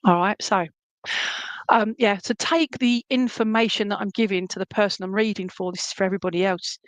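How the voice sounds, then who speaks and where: A woman giving live psychic readings to viewers, chatty and animated, humming tunes and relaying messages as she goes. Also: medium pitch, fairly quick, dry recording.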